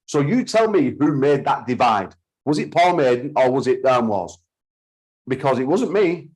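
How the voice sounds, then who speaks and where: A man's voice: mid-range voice, darkish tone, poor audio. A man, host of a call-in talk show, ranting heatedly and swearing often. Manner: heated, sweary, repeats himself. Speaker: podcast host.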